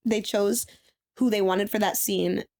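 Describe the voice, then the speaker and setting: A woman's voice: medium pitch, fairly even intonation, slow pace, a little mellow. A young adult woman, an actress guest chatting casually on a podcast, with many fillers.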